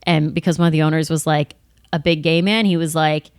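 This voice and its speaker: A woman in her thirties chatting on a podcast, telling work stories in a lively way and acting out the people in them. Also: low voice, brisk, smooth, no room sound, clean studio sound. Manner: animated storytelling, acts out bar customers and managers. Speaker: comedian guest. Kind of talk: casual podcast chat.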